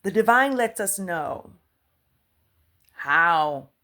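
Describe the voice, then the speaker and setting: Woman, slightly low voice, casual spiritual talk, colloquial and animated, often drops to a whisper. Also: very slow. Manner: animated and chatty, often laughing and dropping to a whisper; colloquial, repeats "for real" and "come on". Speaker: spiritual author and life coach.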